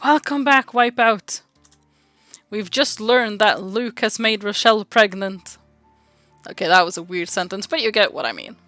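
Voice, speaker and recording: A woman's voice: medium pitch, moderate pace, a bit bright, dry recording, soft background music. A Norwegian-accented woman streamer giving chatty, giggly let's-play commentary.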